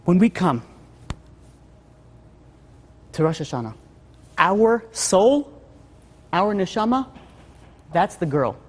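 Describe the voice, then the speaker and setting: A high-voiced male rabbi delivers a holiday sermon, his tone swinging widely between hushed storytelling and lifted, emphatic preaching. A long reverb of the hall trails his words. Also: big pitch swings, measured pace, slightly rough. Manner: tells a story softly, then preaches with rising emphasis.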